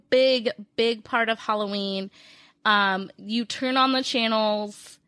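A woman, co-hosting a casual podcast, chatty and giggly in quick bursts. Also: fairly high pitch, sharp tone, dry recording. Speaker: podcast co-host.

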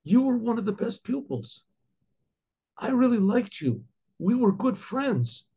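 A man's voice: extremely high pitch, very animated, measured pace, warm tone, slightly rough, pitched above the performer's own voice, exaggerated voice. A man voicing a firm but caring female judge who pleads earnestly with a former classmate. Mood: pleading. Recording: dull lo-fi recording.

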